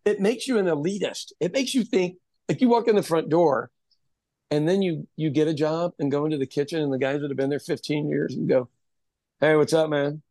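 A man's voice: a little high, fairly quick, mellow, dry recording. A man, a chef, telling candid, self-deprecating stories in a casual podcast chat. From Kansas City area, USA.

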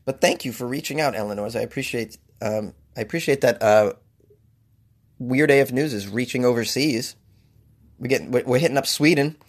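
This man, hosting a comedy podcast, rambles through jokes and pokes fun at himself in a casual monologue. He speaks at a moderate pace with a medium-pitched voice.

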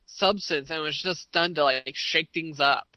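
A man's voice: a little high, a little slow, pushed and bright, dry recording, highs cut off. A man co-hosting a podcast in casual chat, sarcastic and given to ranting. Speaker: podcast co-host.

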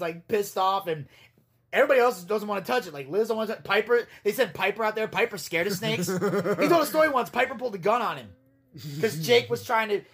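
A man's voice: high-pitched, a bit bright. Rambling, profane man hosting a podcast. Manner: rambling, profane, laughs while telling stories. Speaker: podcast host. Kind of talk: casual storytelling recap.

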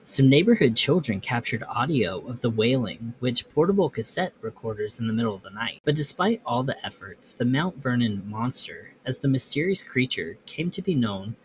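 A man's voice: mid-range voice, sing-song, normal speed, hardly any pauses, a little hiss or hum. A man hosting a podcast, reading ghost stories aloud and breaking off into offhand comments. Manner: reads text, then breaks off into offhand comments. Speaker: podcast host.

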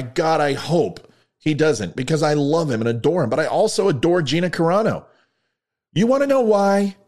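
Male commentator, slightly high and very lively pitch, sarcastic, ranting monologue. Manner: sarcastic, ranting, swings between loud and muttered. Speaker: online commentator.

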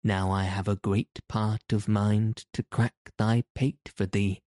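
A man's voice: fairly low pitch, little pitch movement, slow, darkish tone, no echo, clean studio sound. A man reading as Little John, a blustering outlaw. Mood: angry. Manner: archaic bragging speech, threatening. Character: blustering bold outlaw forester, big man.

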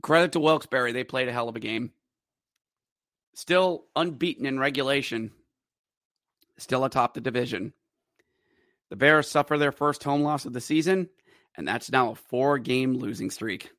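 A man hosting a hockey fan podcast, calling plays with shouts and groans, then grumbling bitterly about the loss. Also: medium pitch, unhurried, pauses often, dry recording, clean studio sound. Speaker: podcast host recapping hockey games. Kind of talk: fan podcast recap with play-by-play.

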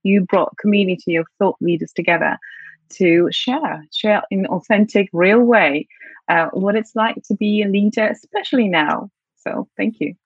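A Polish woman guest in an interview conversation speaks reflectively with plenty of fillers, her British accent tinged by her Polish mother tongue. Her medium-pitched voice has a breathy edge and normal speed, recorded muffled with no room sound.

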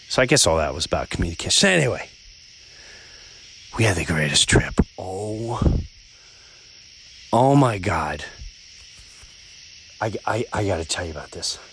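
A man hosting a podcast, telling stories in a casual, animated way while outdoors by the woods at night. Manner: animated storyteller, pitch jumps up when exasperated. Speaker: podcast host. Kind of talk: casual solo monologue.

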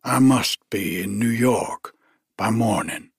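A man voicing a white-haired old male soldier with a soft, hushed, courteous way of speaking. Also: lowish voice, takes it slowly, slightly rough, no echo, studio quality, heavily acted. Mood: earnest.

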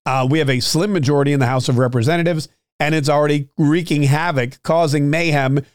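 A man hosting a solo political commentary show, talking straight to his listeners with many fillers and restarts, his throat a little rough. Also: a little high, fairly even intonation, fairly quick, no room sound, studio quality. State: clearing his throat, slightly choked up. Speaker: political podcast host.

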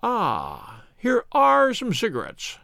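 A man voicing a brilliant, wry male detective who explains in a brisk, ironic, lecturing way. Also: extremely high pitch, huge pitch swings, gravelly, pushed and bright, dry recording, studio quality, pitched above the performer's own voice, heavily acted.

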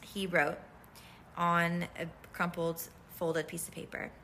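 A woman's voice: lowish voice, level tone, slow, bright, forceful tone, slight background noise. A woman hosting a casual chat as she introduces love letters sent in by viewers, talking loosely with lots of fillers. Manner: chatty, loose, full of "like" and "um". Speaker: host reading out fan love letters.

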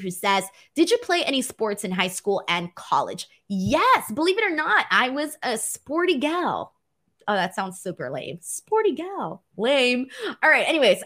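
Young adult woman, casual vlogger telling lively stories, playful and quick to laugh, voice slightly high. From US West Coast. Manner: animated, laughing, playful impressions. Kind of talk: casual Q&A storytelling.

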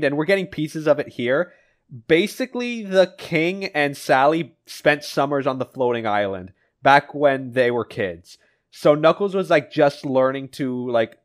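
A man hosting a podcast, recapping comic issues in a casual, rambling way with lots of fillers. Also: on the high side. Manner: rambling storyteller, frequent fillers and restarts. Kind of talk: casual chat.

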